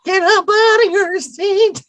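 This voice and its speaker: A man putting on a high, shaky old-lady impression of a pop singer, warbling a dance-floor call. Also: fairly even intonation, takes it slowly, a bit bright, no echo, distant mic, full character voice. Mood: mocking. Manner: warbling mock singing.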